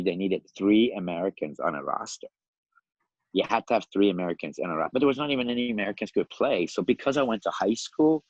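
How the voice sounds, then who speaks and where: A man in his fifties from Iran, a podcast guest telling his life story in a lively, animated way, often laughing and acting out the voices of other people. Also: on the low side, husky, dry recording, highs cut off. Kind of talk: casual storytelling.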